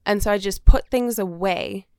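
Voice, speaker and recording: A woman talks openly in casual podcast chat and laughs often as she goes. Her voice has a gravelly edge but stays smooth. The sound is dry and close. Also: medium pitch, normal speed, a little mellow, dry recording. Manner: chatty, candid, laughs often. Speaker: podcast co-host.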